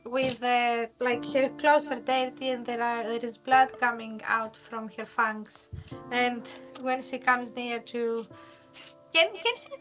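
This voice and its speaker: A woman's voice: a little high, level tone, slow, a bit bright, faint music behind. A woman player describing her character's actions, hesitant with fillers.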